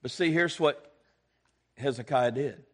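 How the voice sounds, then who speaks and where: Preaching unhurriedly in a medium-pitched voice, this male pastor alternates between loud exhortations and quiet asides. He calls on the congregation for amens.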